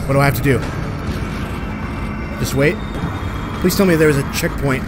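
A man playing a horror game and commenting as he goes. He swears at the characters and talks back at the game, then breaks into loud, panicked yelps. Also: on the high side, animated, moderate pace, long pauses, music in the background. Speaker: let's play gamer.

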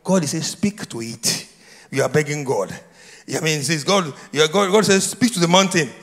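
In a church sanctuary with long hall reverb, a man with a fairly high voice preaches at a moderate pace. As pastor, he keeps repeating questions and answers, prompting the congregation to respond in call and response.

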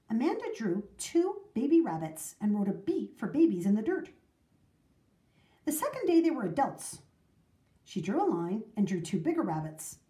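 A woman reading a children's math storybook aloud in an expressive, sing-song way. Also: medium pitch, normal speed, roomy sound.

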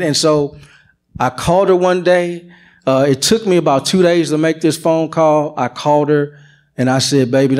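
A man's voice: mid-range voice, darkish tone. Earnest man giving a church testimony. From United States. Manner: earnest, emotional storytelling. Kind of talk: personal testimony.

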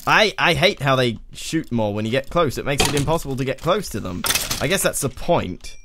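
Over keyboard typing and clicks, an Australian let's play host puts on a British accent and chats his rambling way through a video game, even talking to the mobs. His medium-pitched voice is lively in intonation, a bit bright, and at normal speed. A little hiss or hum runs under the recording.

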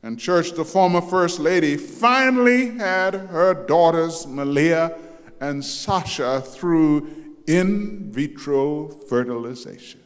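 Storytelling pastor in a reverberant church. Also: male voice, takes it slowly. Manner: storytelling with acted quotes and animated shifts in pitch. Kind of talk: sermon. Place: large church sanctuary. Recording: long reverb of a church hall.

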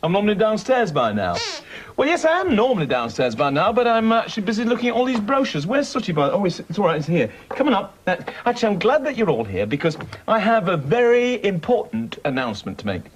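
A man's voice: high voice, very animated, quick pace, few pauses, a little hiss or hum. A man presenting a children's TV show, chatting cheerily and teasing his puppet friends. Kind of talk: scripted talk to puppets.

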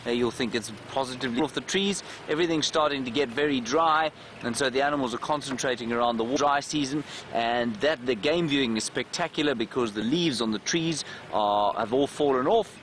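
A man's voice: medium pitch, a little fast, hardly any pauses, a bit bright. Guy guiding a live game drive, chatting away to viewers, clip mic, faint engine hum outside. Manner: chatty, answers viewer questions aloud. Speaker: safari guide and live show host. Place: open safari vehicle outdoors. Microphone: clip-on mic, sometimes slipping.

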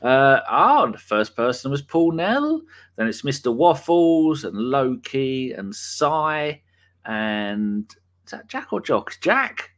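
A man's voice: mid-range voice, very animated, slow, a bit bright. Man hosting a casual football chat. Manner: banter, reads chat names aloud, swears. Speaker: podcast host. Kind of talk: casual live-stream chat.

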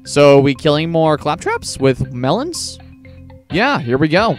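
A man's voice: a little high, very animated, unhurried, soft background music. A man hosting a video game let's play, giving rambling, joking commentary and talking to the game characters. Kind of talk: casual gameplay commentary.

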